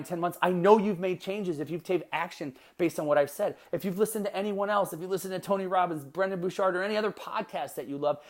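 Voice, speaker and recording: A man in his thirties hosting a motivational podcast, telling a personal story with earnest warmth and building to emphatic encouragement. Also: high-pitched. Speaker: podcast host.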